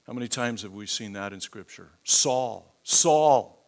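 A man's voice: fairly even intonation, fast talker, vocal fry. Man preaching with rising emphasis. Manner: preaching, swells loud and high for emphasis. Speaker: pastor. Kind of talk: sermon.

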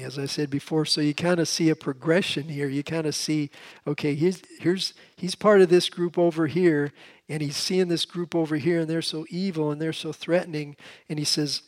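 Man giving a casual Bible teaching. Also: on the high side. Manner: conversational, with frequent restarts. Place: seated, with a drink at hand.

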